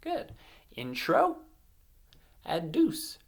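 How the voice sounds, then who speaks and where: A woman's voice: on the low side, huge pitch swings, extremely slow, vocal fry, slightly rough. A woman teaching young children, leading phonics drills in a sing-song, encouraging way and stretching out the words. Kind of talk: online classroom lesson for young children.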